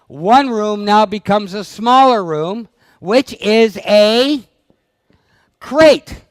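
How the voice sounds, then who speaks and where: A man's voice: high-pitched, no echo. A man leading a dog training seminar, blunt and teasing as he fires questions at his audience. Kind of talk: live seminar talk to an audience. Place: seminar room.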